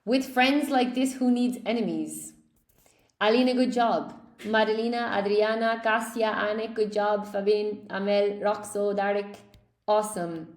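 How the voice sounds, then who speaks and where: A woman's voice: mid-range voice, fairly even intonation, measured pace, roomy sound. A woman teaching a live online English class, cheerfully praising students by name as she goes through quiz answers.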